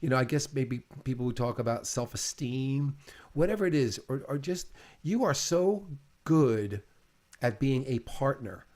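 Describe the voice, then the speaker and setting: A man's voice: mid-range voice, expressive, unhurried, darkish tone. Middle-aged guy chatting w his partner, rambles, repeats himself, gets choked up. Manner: rambling, emotional, repeats words. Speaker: host interviewing his partner. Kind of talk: intimate casual chat.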